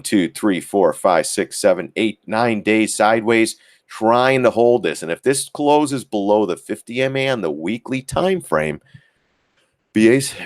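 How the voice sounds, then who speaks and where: A man's voice: lowish voice, no echo, studio quality. A man giving blunt, profane live-stream commentary on stock charts and talking to viewers as guys. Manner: lively, mocks critics in put-on voices.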